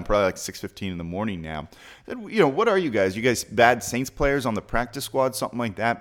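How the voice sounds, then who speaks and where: A young man telling a long, rambling story in casual chat, with lively jumps in his voice. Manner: rambling, animated storytelling with big pitch jumps. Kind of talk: casual anecdote.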